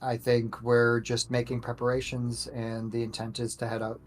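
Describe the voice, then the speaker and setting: A player at a tabletop game, laying out plans in casual, deliberate talk. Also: medium pitch, completely flat delivery. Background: background music.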